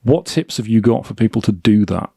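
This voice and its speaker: A man hosting a podcast interview, asking questions in a thoughtful, halting way. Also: lowish voice, gravelly, dark tone, slightly rough, no room sound, clean studio sound. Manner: thoughtful, hesitant restarts. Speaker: podcast host.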